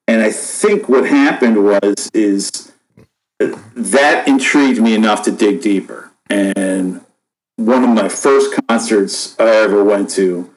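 Fifties guy from buffalo rambling on easy, lots of um and you know, kinda low voice. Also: takes it slowly, poor audio. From Buffalo, New York, USA. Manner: rambling, laid-back, many fillers and restarts. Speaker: guest. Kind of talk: casual storytelling chat.

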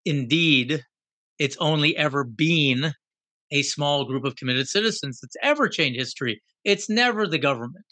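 A man telling a story in a lively talk, with a bright, forceful voice pitched a little high. He throws out rhetorical questions as he goes. The sound is close and dry. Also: normal speed, no echo. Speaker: guest. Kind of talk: conversational storytelling.

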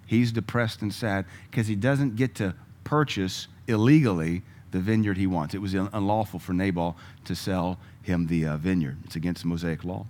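Animated preacher man. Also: moderate pace, hardly any pauses. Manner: animated, swings from loud emphatic lines to low quiet asides; laughs often, conversational asides to the congregation. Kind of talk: sermon.

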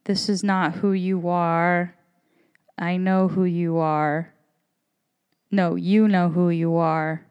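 A woman quoting an earnest young cartoon heroine in a soft, earnest recitation. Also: lowish voice, flat delivery, takes it slowly, long pauses, clean tone, lo-fi sound.

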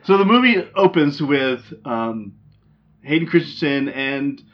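A man's voice: medium pitch, lively intonation, measured pace. A man hosting a casual movie chat, rambling with lots of ums and restarts. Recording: dull lo-fi sound.

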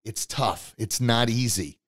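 A man hosting a podcast, giving a motivational talk with emphatic storytelling and acted-out quotes, swinging between loud bursts and quiet asides. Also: medium pitch, takes it slowly. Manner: storytelling, emphatic and preachy, acts out quoted characters. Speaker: podcast host and motivational speaker.

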